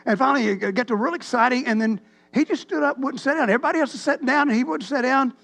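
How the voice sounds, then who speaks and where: A man, a pastor telling a rambling, animated story in a sermon. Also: extremely high pitch, fast, vocal fry. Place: church sanctuary.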